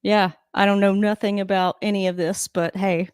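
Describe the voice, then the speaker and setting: A woman's voice: medium pitch, flat delivery, moderate pace, a little mellow, clean tone. A woman hosts a casual live stream from home and reacts to a game on TV. She talks in a loose, rambling way and laughs often. Her voice sounds dry and close, with no room echo.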